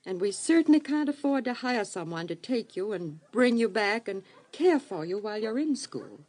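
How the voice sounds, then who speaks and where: An actress playing a gentle, worried mother in a radio drama, speaking softly and hesitantly. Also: fairly high pitch, sing-song, moderate pace. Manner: soft, anxious, hesitant.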